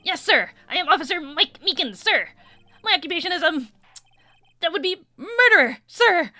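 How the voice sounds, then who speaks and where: A woman voicing a loud, eager young male police officer who shouts and ends his lines with "sir". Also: very high-pitched, very animated, normal speed, no room sound, faint music behind, voice pushed up, full character voice. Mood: frantic.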